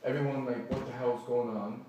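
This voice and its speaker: In an echoey room with a distant mic and faint noise, an agitated man recounts an incident in the first person. His medium-pitched voice moves at a moderate pace, and he's animated, acting out quoted dialogue and restarting often.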